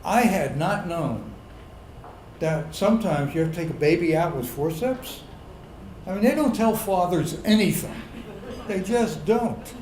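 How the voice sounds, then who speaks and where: On a pub stage before a live audience, a middle-aged man with a fairly high, animated voice tells a funny true story, unhurried and drawn out, before swelling into loud, indignant outbursts. The roomy pub adds echo, with a faint hum of crowd ambience behind him.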